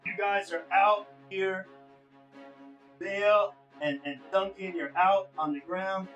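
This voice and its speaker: Excitable man running a tabletop game. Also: high-pitched, lo-fi sound, faint music behind. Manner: excitable, laughs often, halting explanations. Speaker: game master.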